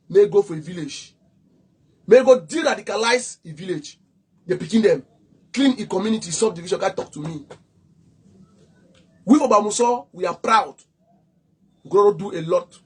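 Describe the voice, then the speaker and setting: A man's voice: high voice, husky. A man with a Cameroonian Pidgin English accent, an activist speaking straight to the camera in a heated, accusing way, often stuttering on repeated words. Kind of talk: impassioned direct-to-camera talk.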